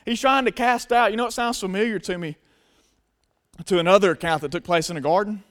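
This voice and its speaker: A male pastor preaching a sermon earnestly, dropping to hushed tones and rising to loud emphasis. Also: high-pitched, brisk.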